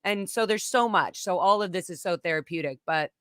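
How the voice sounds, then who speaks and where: A woman's voice: on the low side, brisk, smooth, dry recording. Impassioned woman guest, dry close sound. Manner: impassioned, emphatic, gets emotional. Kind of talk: candid conversational interview.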